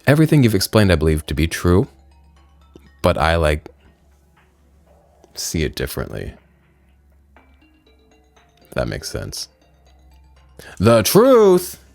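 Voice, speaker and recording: A man's voice: very deep voice, huge pitch swings, measured pace, creaky, pauses often, a little mellow, dry recording, soft background music. A man giving playful, casual commentary over a video game, joking and swearing freely. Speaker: gaming video creator. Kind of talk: casual let's-play commentary.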